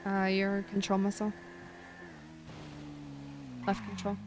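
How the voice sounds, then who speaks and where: A woman's voice: medium pitch, completely flat delivery, slow, gravelly, background noise. Chatty woman roleplaying a lawyer. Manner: chatty, rambling storytelling with many fillers. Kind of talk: in-character roleplay chat.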